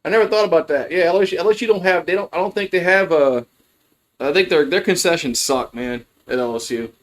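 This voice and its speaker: A man's voice: a little high, a little fast. A man giving casual, rambling play-by-play of a college baseball game on a livestream, full of fillers and restarts. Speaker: fan play-by-play host.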